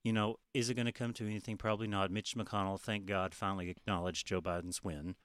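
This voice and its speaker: A man's voice: lowish voice, little pitch movement, quick pace, fairly bright tone, smooth, no room sound. A man co-hosting a podcast in a casual, profane, chatty way, often laughing. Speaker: podcast co-host. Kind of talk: casual chat.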